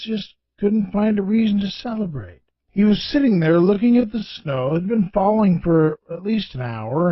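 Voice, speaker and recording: A man's voice: high-pitched, slightly rough, no echo, dull audio. A man narrating a story in a plainspoken, folksy way.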